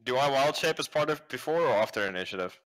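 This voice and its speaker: A man's voice: medium pitch, expressive, fast, a bit bright, poor audio. A man playing a tabletop game, eagerly planning his character's moves aloud. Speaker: player. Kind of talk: casual tabletop play.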